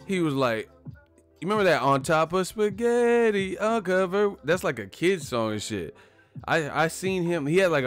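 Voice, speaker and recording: Man, host, casual comedic rant, lively swinging pitch, profane, faint music behind. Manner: profane, animated, laughing. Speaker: video host.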